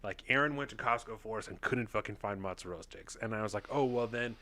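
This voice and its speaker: A young adult man co-hosting a podcast, telling animated stories in casual chat and laughing often. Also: fairly low pitch, fast. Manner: animated storytelling, laughs often, swears freely. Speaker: podcast co-host.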